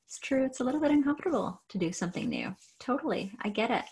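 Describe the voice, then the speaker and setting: A woman coach leading a guided tapping exercise, talking listeners through it with slow, repeated cues. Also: medium pitch, lively intonation, a little mellow, breathy edge. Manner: slow, repetitive guiding cues. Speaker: coach and trainer.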